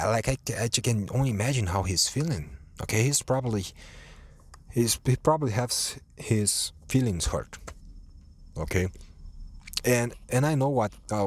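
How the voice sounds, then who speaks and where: A man's voice: lowish voice, expressive, moderate pace, husky. A young man hosting a solo podcast, ranting in a profane, rambling way with many restarts. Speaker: podcast host.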